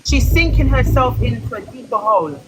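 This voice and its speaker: A woman's voice: on the high side, very animated, brisk, noisy background. A woman hosting a casual live chat, talking bluntly and swearing now and then. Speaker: live stream host.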